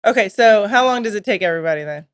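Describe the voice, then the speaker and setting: A woman with a mid-pitched voice that moves a lot speaks brightly. She steers the conversation and laughs easily in a relaxed podcast chat. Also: rapid-fire, clean tone. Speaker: podcast co-host. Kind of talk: casual chat, leads the topics.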